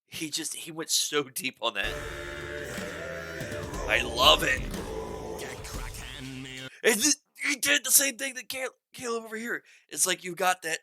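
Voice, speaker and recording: A man hosting a music reaction video, chatting excitedly and rambling through his thoughts, with faint music behind him. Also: a little high. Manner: excitable and rambling, with many restarts and bursts of enthusiasm. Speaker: music reaction channel host. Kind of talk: casual reaction commentary. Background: faint music from the song being reacted to.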